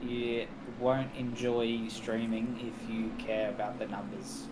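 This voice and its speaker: A man's voice: mid-range voice, monotone, slow, over a noisy crowd, poor audio. A man chatting casually as a co-commentator, laid-back and mumbly. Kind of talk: casual esports chat. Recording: loud background noise.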